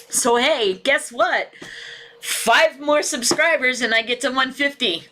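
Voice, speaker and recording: A woman's voice: high voice, expressive, measured pace, sharp tone, slight background noise. A woman hosting a casual livestream chat, frustrated and near tears, swearing constantly as she talks to viewers from a room at home. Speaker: livestream host. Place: home room with ceiling fan.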